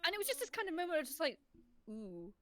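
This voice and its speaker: A woman's voice: very high-pitched, big pitch swings, very fast, a bit bright. A woman in casual chat, giggly and saying like a lot.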